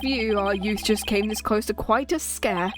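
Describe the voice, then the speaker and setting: A woman reading the lines of an earnest, jumpy young male defense lawyer who asks quick questions. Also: mid-range voice, music in the background, lightly acted.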